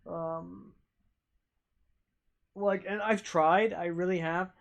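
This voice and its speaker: A man streaming live, chatting casually with viewers in a halting, self-deprecating, rambling way. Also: high voice, fairly even intonation, creaky, muffled recording.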